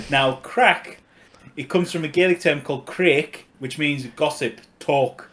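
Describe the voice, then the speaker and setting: A man's voice: on the high side, over a noisy crowd. A middle-aged man from Cumbria with a Cumbrian English accent, co-hosting a casual podcast chat and laughing often as he talks. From Cumbria, England. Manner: chatty, laughs often, quick bursts. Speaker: podcast co-host.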